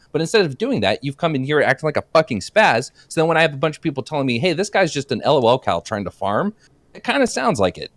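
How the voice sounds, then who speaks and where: A man's voice: on the high side, big pitch swings, quick pace, dry recording. A man lecturing someone condescendingly in a livestream debate.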